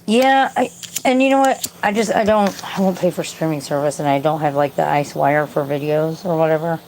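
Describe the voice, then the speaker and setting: Her voice sits low and moves a little fast over slight background noise as she hosts a casual livestream from home. She rambles, swears, reads and answers chat, and yells at her cat indoors.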